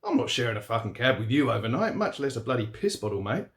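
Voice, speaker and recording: A man's voice: mid-range voice, big pitch swings, fast. A man voicing a brash young male truck driver, cocky and swearing. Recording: roomy echo.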